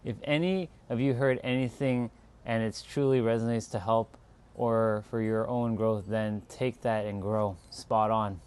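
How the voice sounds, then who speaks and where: Slow-talking man hosting a livestream. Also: lowish voice, fairly even intonation, darkish tone, clear, resonant tone. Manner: laid-back, musing, quick to laugh. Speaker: livestream host. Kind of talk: casual livestream chat.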